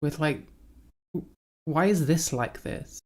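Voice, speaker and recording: A woman streamer gives casual livestream reaction commentary that is blunt, sarcastic and profane, and she laughs often. Her voice is low-pitched and a little mellow, and she takes her time.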